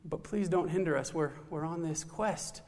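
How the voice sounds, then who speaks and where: A man's voice: fairly high pitch, normal speed, darkish tone, close to an everyday voice. A man voicing a tiny, brave teenage boy hero who pleads politely and earnestly in a told folktale. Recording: long hall reverb.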